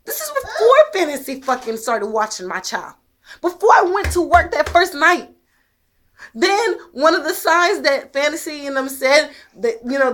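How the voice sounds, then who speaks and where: A woman with a slightly high voice speaks straight to the camera in a long monologue. She is intense and emphatic, blunt enough to swear. She presses her points with pointed rhetorical questions. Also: a bit bright. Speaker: mother.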